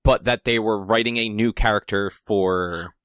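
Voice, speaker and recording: A man's voice: lowish voice, steady tone, moderate pace, fairly bright tone, clear, resonant tone, no room sound, clean studio sound. A young man co-hosting a podcast in casual chat, rambling and searching for words with many ums. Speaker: podcast co-host.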